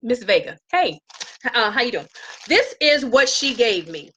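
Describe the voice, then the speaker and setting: A woman casually telling a story to live viewers from her home, acting out quoted lines in a higher voice. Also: measured pace, a little hiss or hum, low-quality recording. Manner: animated, acts out quotes in a high voice. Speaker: live-stream vlogger. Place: home with herbs around.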